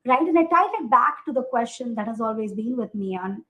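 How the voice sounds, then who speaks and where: A woman from India, a guest in her thirties, telling her life story in a podcast interview with lively, exclamatory energy. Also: a little high, brisk, rough recording. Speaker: guest, accessibility product manager.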